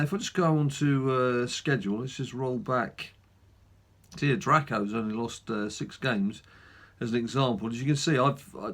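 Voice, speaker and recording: Rambling man with a slightly high voice. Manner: rambling, many fillers, self-mocking asides. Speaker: gaming channel host. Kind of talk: casual mobile game commentary.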